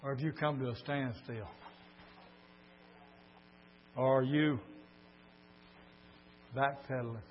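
An older man preaching a sermon, telling folksy stories and swinging from quiet talk to shouts. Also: medium pitch, fairly even intonation, slow pace, pauses often. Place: church meeting. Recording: dull lo-fi recording with mains hum.

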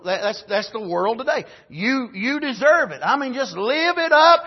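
A man with a strikingly high, husky voice preaches a sermon, rising to fervent shouts and then sinking to low, hushed remarks. The recording sounds dull and lo-fi. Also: very animated, unhurried. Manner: swings from shouted high exclamations to low quiet asides.

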